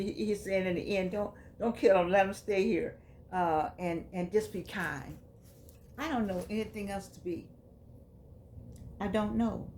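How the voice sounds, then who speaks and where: A woman reads short passages aloud, then slips into easygoing commentary. Her pitch sits in the middle range. Faint background noise runs under her voice. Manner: grows quiet and subdued. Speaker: vlogger reading and commenting on a book. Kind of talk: casual reading and commentary.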